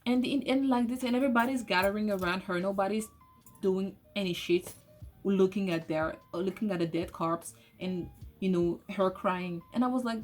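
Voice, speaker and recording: A woman giving a casual, excitable spoken movie review, swearing often and restarting her sentences. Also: mid-range voice, moderate pace. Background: soft lofi music.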